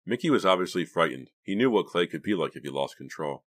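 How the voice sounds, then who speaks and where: A man narrating an audiobook in a steady, measured storytelling manner. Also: sits low. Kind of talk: scripted narration.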